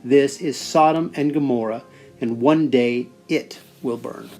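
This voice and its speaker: A man voicing a solemn divine voice that speaks from a light, giving slow, grave warnings. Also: medium pitch, a little mellow, soft background music, natural voice.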